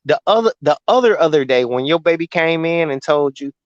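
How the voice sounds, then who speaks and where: A man's voice: a little high, animated, a little fast, dry recording. A man chatting casually as co-host, emphatic and full of slang. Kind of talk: casual live-stream chat. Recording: dull dry call line.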